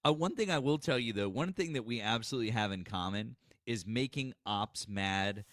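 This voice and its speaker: A man from Boston guest-hosting a casual livestream, joking and mocking as he talks. His pitch swings a lot, rising high for emphasis, and his voice has a dry, close sound with no room echo. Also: animated, moderate pace, a bit bright. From Boston area. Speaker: guest co-host.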